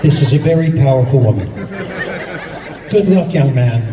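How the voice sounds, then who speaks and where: A man's voice: mid-range voice, expressive, normal speed, crowd noise, voice pushed down, close to an everyday voice. A man voicing God, delivering grave pronouncements on a comedy stage. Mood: solemn. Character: solemn male voice of God. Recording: roomy hall, distant mic, audience laughter.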